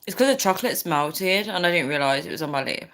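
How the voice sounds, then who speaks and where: A woman's voice: on the low side, lively intonation, quick pace, a bit bright. A woman chatting casually on a livestream, rambling and reading out viewer comments. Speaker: livestream host.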